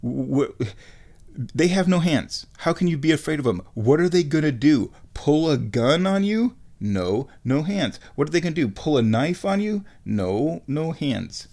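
A man's voice: fairly high pitch, big pitch swings, measured pace, darkish tone. Wry, rambling man vlogging from home. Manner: digressive, wry, chuckling often. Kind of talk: casual rambling monologue.

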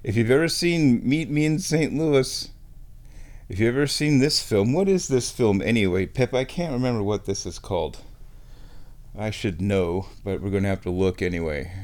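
A man hosting a casual show at his microphone, playful, dropping into high baby talk for his cat. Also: normal speed, darkish tone. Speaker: radio host. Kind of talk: casual chat. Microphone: studio microphone.

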